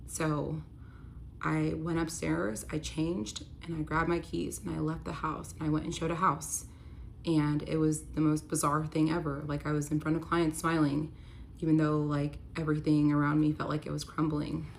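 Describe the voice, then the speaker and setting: Young woman, low voice, candid storytime, gets emotional, little bit of background hiss. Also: flat delivery, moderate pace, vocal fry.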